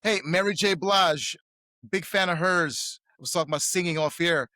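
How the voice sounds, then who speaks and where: A man hosting a podcast interview, upbeat, asking questions and hyping his guest along with quick affirmations. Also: high-pitched, sharp tone, no room sound, studio quality. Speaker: podcast host. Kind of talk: casual interview.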